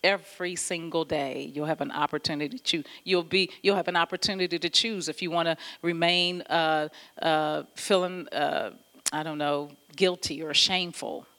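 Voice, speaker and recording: A woman pastor giving an animated, conversational sermon, often laughing as she talks. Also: low-pitched, moderate pace.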